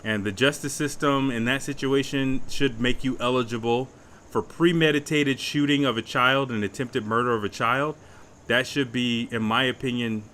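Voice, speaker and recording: This young man's medium-pitched voice comes across bright and forceful over slight background noise. Reacting to a livestream, he offers blunt, profane, casual remarks, often repeating phrases as he settles on what to say.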